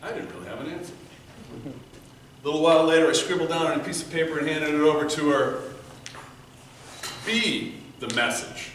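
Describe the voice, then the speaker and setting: A man giving a prepared storytelling speech at a speech contest, earnest, moving between loud emphasis and quiet, hushed passages. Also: a little high, quick pace. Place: meeting room before an audience. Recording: echoey room, mic from far off, faint noise.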